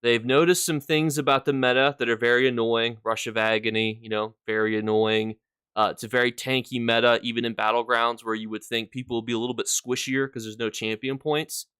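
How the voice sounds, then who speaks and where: A man's voice: mid-range voice, steady tone, brisk, sharp tone, smooth, dry recording, studio quality. A man casually talking to his viewers on a live stream, rambling through his points and stopping to thank people in chat.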